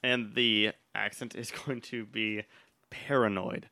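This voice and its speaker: A man hosting a podcast, running a comic accent party game in a joking, animated way. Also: lowish voice, slow, gravelly, no echo, studio quality. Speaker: podcast host.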